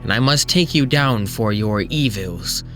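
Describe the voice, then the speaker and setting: A man voicing a soft-spoken sinister male assassin with a quiet, hushed delivery. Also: on the low side, lively intonation, unhurried, music in the background. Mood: menacing.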